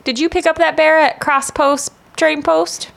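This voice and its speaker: A woman playing in a tabletop game, with quick joking asides. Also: high-pitched, fairly even intonation, gravelly. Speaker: player. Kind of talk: casual tabletop role-play.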